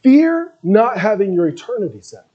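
A man's voice: high-pitched, big pitch swings, normal speed, dull audio. A man preaching an earnest sermon that builds in intensity as he retells scripture.

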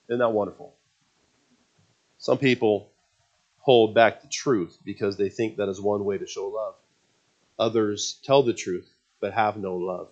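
A pastor preaches to his congregation in a fairly low, steady, slightly mellow voice, taking his time and pausing often. He leads them in reading scripture aloud, mixing earnest, fervent passages with self-deprecating asides.

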